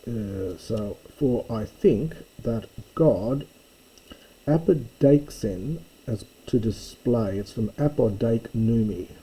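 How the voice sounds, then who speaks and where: A man with a dark, husky voice reads and explains Greek words in a slow, careful lesson. He pauses often, uses fillers and corrects himself mid-sentence. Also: medium pitch, animated, poor audio. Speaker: Greek New Testament teacher.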